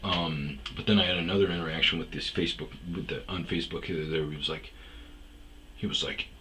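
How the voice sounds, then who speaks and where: A man's voice: sits low, fairly even intonation, a little fast, sharp tone. A man telling a rambling personal story in a casual, profane monologue, raising his voice when he mimics other people. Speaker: storyteller host.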